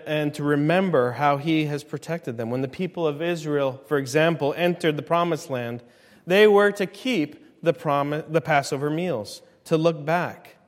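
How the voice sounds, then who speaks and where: Man, thirties, pastor, sermon, dynamic preaching, slightly high voice, reverberant church hall. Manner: dynamic preaching, rising loud on climaxes and dropping low.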